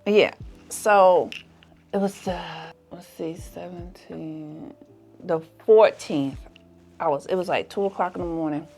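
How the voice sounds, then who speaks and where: A woman hosting a podcast tells a personal story in a lively way, acting out the people in it with laughter. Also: on the low side, slow, soft background music. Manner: animated, acts out the people in her story with laughs. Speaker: podcast host.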